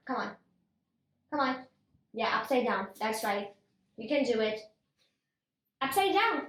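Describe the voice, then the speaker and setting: A woman's voice: sits high, big pitch swings, measured pace, long pauses, reverberant, low-quality recording. A young woman filming her pet parrot at home, coaxing and cooing at it in a giggly baby-talk voice. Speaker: parrot owner and vlogger. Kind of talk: casual vlog talking to a pet.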